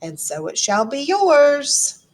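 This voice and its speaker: A woman's voice: high-pitched, sing-song, voice pushed up, full character voice. A woman voicing a mysterious male stranger who grants wishes and warns, in a storybook read to a class. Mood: cautioning. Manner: cautioning, measured.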